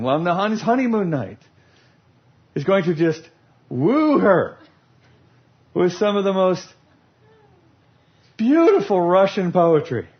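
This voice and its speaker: A man's voice: high-pitched, breathy edge. A man giving a humorous teaching talk about love languages, playful and laughing as he acts out scenes. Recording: lo-fi recording.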